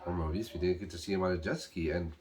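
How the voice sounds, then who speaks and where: A man casually recapping an episode, rambling with restarts and quickly paraphrasing what the characters say. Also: deep voice, darkish tone. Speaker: show reviewer.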